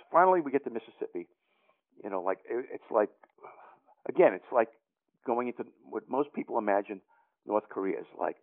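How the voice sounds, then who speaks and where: Older New York man on a phone line. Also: mid-range voice. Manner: rambling, hesitant, many fillers and restarts. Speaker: guest. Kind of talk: storytelling interview.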